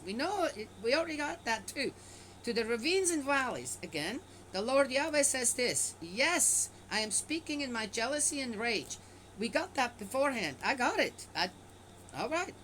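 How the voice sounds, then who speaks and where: A woman's voice: on the high side, fairly bright tone, a little hiss or hum, rough recording. A woman reading a scripture passage aloud and stopping often to comment on it with skepticism, in a casual, offhand way. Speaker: bible reader and commentator.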